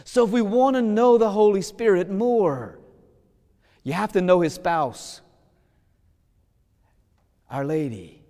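A man's voice: sits high, lively intonation, slow, long pauses. Impassioned male preacher in a reverberant hall. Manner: impassioned, swinging from loud pleading to hushed tones. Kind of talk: sermon.

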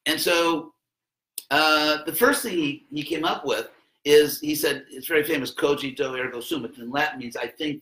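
Man, lecturer, bright tone, higher than usual, rambling chatty delivery, echoey classroom. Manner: rambling, conversational, with wry asides.

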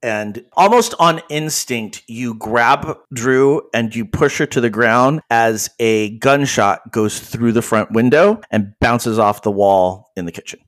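A man narrating a tabletop game as game master, describing scenes in a halting way with fillers. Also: mid-range voice.

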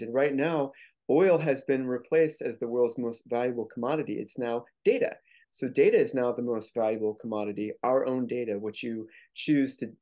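A man's voice: medium pitch, darkish tone. A man speaking as a guest author in a casual interview, explaining his points earnestly with frequent restarts.

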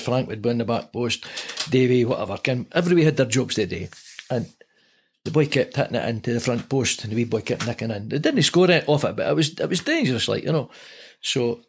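An older man with a Scottish accent spins a long, animated anecdote as a podcast guest. He swears freely and laughs often. His voice sits at an ordinary pitch with a husky grain. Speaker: podcast guest, former player. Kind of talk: casual storytelling.

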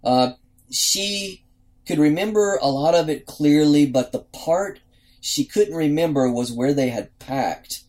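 A man's voice: on the high side, takes it slowly, darkish tone. A man hosting a book club, retelling and reading a story passage in a casual, musing way with many fillers.

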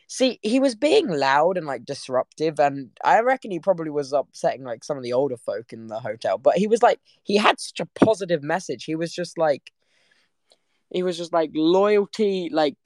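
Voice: medium pitch, no room sound. A young adult vlogger, telling a story to camera in a giggly, rambling way that trails off mid-sentence.

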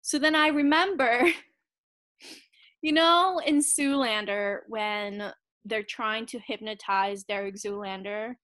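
A woman in her thirties co-hosting a casual chat, animated, laughing often and acting out quotes. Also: on the high side, slow. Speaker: podcast co-host.

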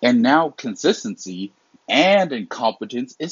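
A man's voice: on the low side, moderate pace, highs cut off, slight background noise. A young man in a heated, profane, rambling monologue, often restarting his sentences. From immigrant family. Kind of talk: casual unscripted monologue.

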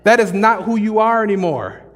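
A man preaches in a chatty, joking way, slipping into slang as he goes. His voice sits high for a man. The sound rings with the long reverb of a large church hall. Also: animated, moderate pace. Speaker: pastor. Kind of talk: sermon. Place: church sanctuary.

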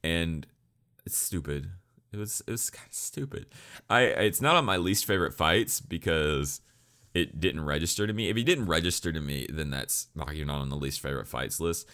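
A man's voice: extremely low pitch, lively intonation, normal speed, bright, forceful tone. A young man giving a blunt, profane, sarcastic anime review in casual ranting commentary.

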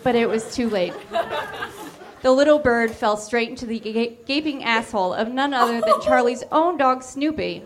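A woman giving a deadpan, matter-of-fact comic reading of fan fiction on a theater stage. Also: a little high, normal speed, a loud crowd, very noisy. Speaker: reader.

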